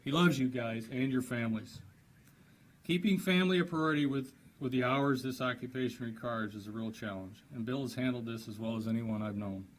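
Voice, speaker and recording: A man's voice: medium pitch, brisk, low-quality recording. A man with a mid-range voice introduces a colleague at a banquet podium. He heaps on praise and slips in a few light jokes along the way. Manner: warm, praising, lightly humorous. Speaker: presenter. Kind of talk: introduction speech. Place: banquet hall.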